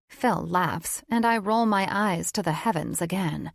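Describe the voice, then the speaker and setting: A woman's voice: fairly low pitch, measured pace, gravelly, few pauses, no echo, clean studio sound. A woman narrating a first-person romance audiobook in a wry, conversational tone. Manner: wry, conversational inner monologue.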